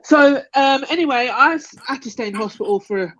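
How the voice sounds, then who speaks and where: A woman's voice: sits high, expressive, fairly quick, a bit bright, no echo. Chatty woman telling a story. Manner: chatty, rambling, laughs often, acts out voices in quotes. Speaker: panel guest telling a birth story. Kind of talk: casual storytelling on a live panel. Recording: dull, lo-fi call audio.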